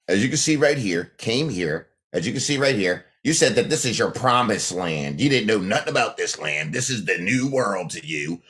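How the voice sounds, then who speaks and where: A brash man ranting casually on a livestream. His pitch swings widely as he talks. He uses lots of slang and breaks into laughs often. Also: a bit bright. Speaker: livestream host.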